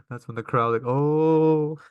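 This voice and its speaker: A man's voice: fairly high pitch, fairly even intonation, slow pace, clean tone, no echo, dull audio. A man giving a casual, enthusiastic recap of a wrestling show, laughing often.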